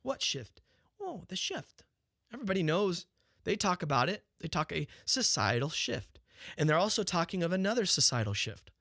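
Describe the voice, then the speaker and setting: A man's voice: on the high side, very animated, a little fast, vocal fry, sharp tone, no room sound, studio quality. Heated, swearing man ranting. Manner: rhetorical questions, frequent restarts. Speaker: talk show host. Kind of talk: unscripted monologue.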